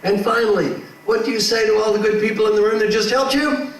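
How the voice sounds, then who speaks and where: A man's voice: sits high, fast. Man coaching a crowd in an echoey hall. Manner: animated, acts out quotes, rhetorical questions to the crowd. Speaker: leadership coach speaking to an audience. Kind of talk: motivational talk. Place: large hall with a live audience. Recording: echoey hall, far from the mic, noisy.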